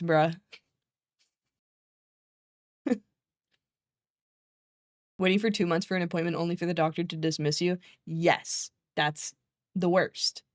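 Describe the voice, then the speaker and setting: A woman streamer chatting casually with her viewers. She rants in an animated way, swears freely, laughs often and mocks the people she is quoting. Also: medium pitch, dry recording, studio quality. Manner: exasperated, mocking quoted voices.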